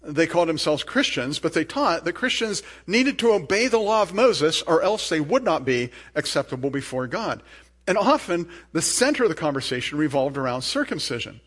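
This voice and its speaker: Pastor, male, fairly high voice, preaching with emphatic swells and quiet asides. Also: sing-song, normal speed. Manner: earnest, emphatic preaching with rising bursts and soft asides. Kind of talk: sermon.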